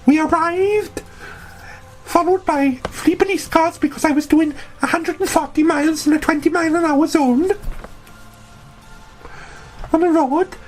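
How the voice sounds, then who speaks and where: High-pitched woman rambling thru a silly story, brash and show-offy, soft music underneath. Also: steady tone, measured pace, long pauses, poor audio. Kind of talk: comic audio-story narration in character.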